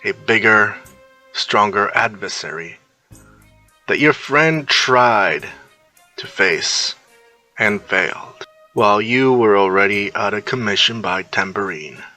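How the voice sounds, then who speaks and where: A gloating demon king villain, put on by a man sneers and taunts his foe in a fan-made story. The voice is bright and forceful, with faint music underneath. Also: fairly low pitch, animated, slow, heavily acted. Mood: mocking. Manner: mocking, taunting.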